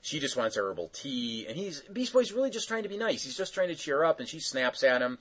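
A man's voice: on the high side, sing-song, quick pace, fairly bright tone, husky, low-quality recording. A man casually recapping a cartoon episode, rambling with lots of fillers. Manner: rambling, filler-heavy storytelling.

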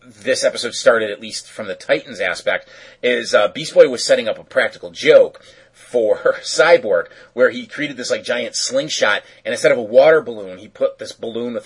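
Rambling, husky man recapping a cartoon. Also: mid-range voice, low-quality recording. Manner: rambling, filler-heavy, self-correcting. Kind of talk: casual episode recap.

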